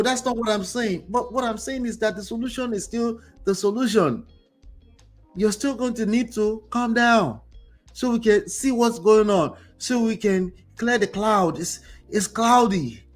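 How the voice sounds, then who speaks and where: A man hosting a motivational commentary show, speaking straight to his viewers in a preachy, animated way. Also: very high-pitched, unhurried, faint music behind. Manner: preachy, animated, talks to the audience directly. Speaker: host.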